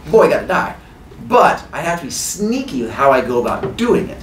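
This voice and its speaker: A man's voice: on the high side, sing-song, brisk, reverberant, recorded from a distance, slight background noise. A man voicing the vengeful goddess Hera, talking in a slangy, conspiratorial way. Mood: scheming.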